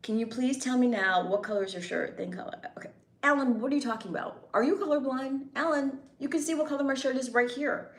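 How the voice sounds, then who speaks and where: A woman's voice: high-pitched, quick pace, roomy sound. A woman hosting a casual livestream, reading chat comments and teasing her viewers playfully.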